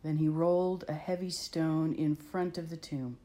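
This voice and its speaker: A woman's voice: low voice, fairly even intonation, normal speed, warm tone. A woman telling a Bible story to children with expression, asking the listener questions along the way.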